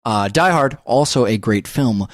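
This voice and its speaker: A man co-hosting a podcast in a studio, talking about movies in a casual, animated way and swearing freely. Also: medium pitch, measured pace, dry recording. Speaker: podcast co-host. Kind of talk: casual film chat.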